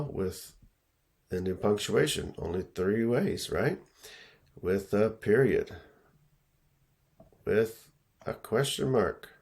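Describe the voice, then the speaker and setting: This education consultant has a deep, creaky voice and talks to schools in an easygoing teaching style. Fillers and repetition run through his speech, along with frequent "okay?" and "right?" check-ins.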